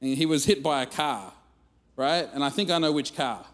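A man preaching at church, telling a funny family story in an animated, self-mocking way. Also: on the high side, normal speed. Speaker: guest speaker. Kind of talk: storytelling sermon. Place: church auditorium. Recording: long reverb of a church hall.

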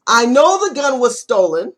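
A woman from California giving a fiery live online rant to her viewers, breaking into loud outbursts and quick asides. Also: a little high, very animated. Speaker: political vlogger.

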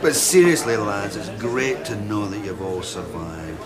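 A man's voice: on the low side, animated, measured pace, music in the background. A man playing a pompous by-election candidate who talks in a theatrical, mock-refined way. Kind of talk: sitcom acting.

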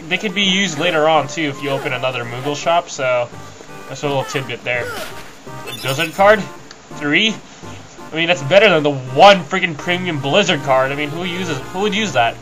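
A man's voice: on the high side, normal speed, poor audio. A young man casually commenting on his gameplay as a let's play host, rambling and easygoing. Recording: game music behind the voice. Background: video game music.

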